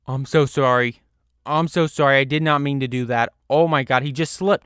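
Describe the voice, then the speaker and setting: A man hosting a gaming channel, giving gameplay commentary in a gushing, over-the-top excitable way, piling on superlatives with big swings in pitch and loudness. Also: brisk, clean tone, no echo, clean studio sound.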